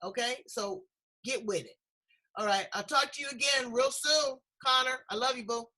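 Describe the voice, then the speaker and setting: A woman hosts a casual chat with a husky, breathy edge to her voice. Her tone is bright and sits a little high, and she talks in an effusive, emotional, encouraging way. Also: normal speed, poor audio. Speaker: host.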